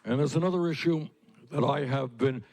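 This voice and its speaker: A man speaks to a crowd at a political rally. His delivery is emphatic and repetitive, and he hammers short phrases as his voice rises to loud, forceful peaks. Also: medium pitch, moderate pace, low-quality recording. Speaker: political candidate. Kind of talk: campaign rally speech. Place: public rally.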